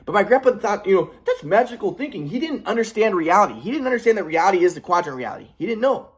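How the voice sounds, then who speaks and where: A man's voice: high-pitched, lively intonation, racing. A young adult man in an agitated, rambling casual monologue with frequent swearing. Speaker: vlogger.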